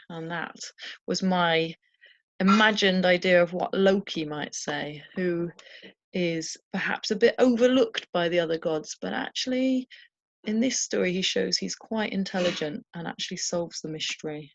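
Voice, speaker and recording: A woman's voice: fairly low pitch, normal speed, no echo, lo-fi sound. Dry-voiced woman teacher. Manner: clear, encouraging, checks in with "okay?". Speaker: primary school teacher. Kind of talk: recorded home-learning lesson.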